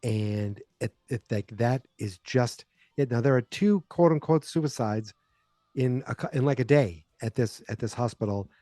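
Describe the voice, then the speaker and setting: Mellow-voiced man rambling through a recap. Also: medium pitch, moderate pace, no echo, studio quality. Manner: rambling, chatty retelling. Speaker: podcast host. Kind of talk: casual movie recap.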